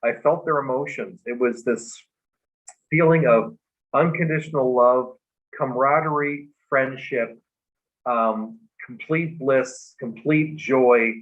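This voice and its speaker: Male guest on a video call, mid-range voice, earnest and halting, muffled lo-fi sound. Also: mid-range voice, fairly bright tone. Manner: halting and earnest, with many restarts. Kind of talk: personal storytelling on a livestream talk show. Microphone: remote video call. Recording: muffled livestream audio.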